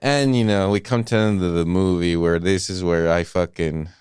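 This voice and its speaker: A man's voice: deep voice, steady tone, moderate pace, darkish tone, clean tone, no echo, clean studio sound. A man co-hosting a podcast, casually retelling a film with plenty of profanity and acted-out quotes. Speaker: podcast co-host. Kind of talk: casual movie-review chat.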